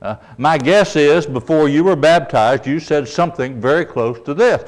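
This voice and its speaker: A man preaching a sermon, emphatic, often checking in with the audience and letting his voice drop soft at the ends of phrases. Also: fairly high pitch, moderate pace.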